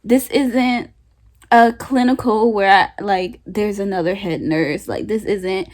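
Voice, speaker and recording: Speaking slowly in a medium-pitched, somewhat dark voice, a young new grad nurse tells a storytime vlog. She's chatty and emotional, and her talk is full of "like."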